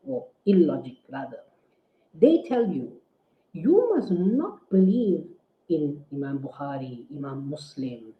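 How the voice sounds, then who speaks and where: A man, an Islamic scholar, delivering a forceful, indignant rebuttal full of rhetorical questions. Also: on the high side. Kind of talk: preaching rebuttal. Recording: tinny phone-like audio in an echoey room.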